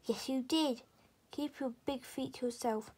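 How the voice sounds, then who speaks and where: A woman voicing rude, gruff male goblins who squabble, in a storybook reading. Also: high-pitched, fairly even intonation, unhurried, a little mellow. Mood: quarrelsome. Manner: gruff, bickering.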